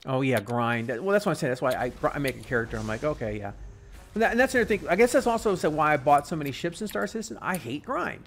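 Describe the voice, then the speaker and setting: A man hosting a casual gaming chat while he plays, rambling and full of restarts and animated complaints. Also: fairly high pitch, rapid-fire, hardly any pauses, slight background noise. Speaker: gaming podcast host.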